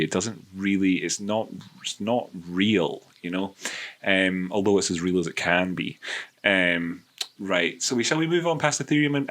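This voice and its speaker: A man's voice: sits low, a bit bright. A man giving casual, rambling commentary on crypto price charts, with many restarts and self-amused asides. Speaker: crypto market analyst.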